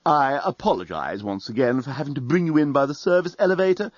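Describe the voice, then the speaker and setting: A courteous robot steward, put on by a male audiobook reader, who speaks with a polished, soothing politeness. The read sounds dry and slightly muffled. It has a lively, varied pitch. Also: fast talker, no echo, lightly acted. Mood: polite. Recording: dry, dull studio recording.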